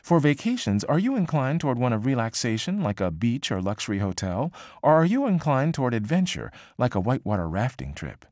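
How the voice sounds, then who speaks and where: A man voicing an automated survey program with a woman's newscaster-like voice, asking polite scripted questions in a higher, brighter register. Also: very animated, brisk, hardly any pauses, dry recording, studio quality, lightly acted. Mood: politely inquisitive.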